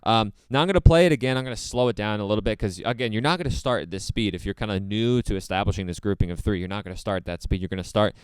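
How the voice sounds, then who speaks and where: A man teaching drums, explaining a practice method step by step in a relaxed way, with many fillers. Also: lowish voice, very fast, few pauses, smooth, no room sound. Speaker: drum teacher. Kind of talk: casual instructional talk.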